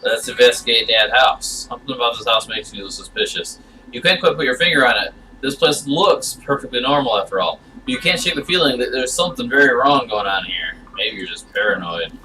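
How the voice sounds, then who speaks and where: A man's voice: mid-range voice, lively intonation, a little fast, bright, forceful tone, distant mic, a little hiss or hum, rough recording. A man reading a game's text aloud and adding wry, bemused comments, sometimes stammering. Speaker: gamer playing through a game.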